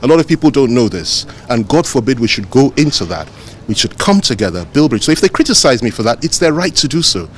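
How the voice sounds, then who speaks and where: A man with a Nigerian accent, a politician answering reporters' questions outdoors in a measured, emphatic way, repeating phrases for stress. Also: mid-range voice, very animated, a little hiss or hum. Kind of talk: press interview answers.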